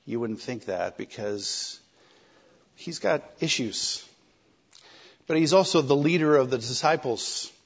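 A man preaching a sermon in a conversational, animated way, acting out quoted lines. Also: medium pitch, unhurried, gravelly, long pauses, husky, muffled recording.

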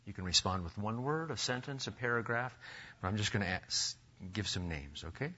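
A man's voice: lowish voice, animated, a little fast, bright, forceful tone, muffled recording, slight background noise. A man hosting a conversational interview, asking leading questions and steering the talk. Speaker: interview host.

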